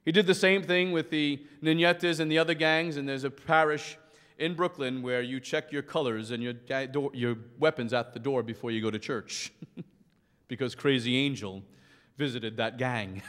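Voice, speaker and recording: A priest preaching with passion and telling a dramatic story, acting out its voices. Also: male voice, medium pitch, steady tone, moderate pace. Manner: impassioned storyteller who acts out the shouting in his story. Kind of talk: preaching a rally speech with a story. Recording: long hall reverb.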